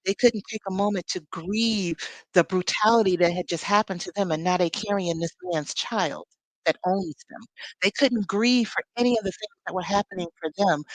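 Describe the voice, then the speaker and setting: A woman's voice: lowish voice, dry recording, rough recording. A woman leading a live spiritual teaching, talking expressively with sassy, conversational asides.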